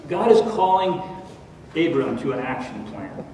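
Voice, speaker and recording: A man preaching a sermon as pastor, animated and playful, asking his congregation questions. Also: medium pitch, a little slow. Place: church sanctuary. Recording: echoey church hall from far off, noisy.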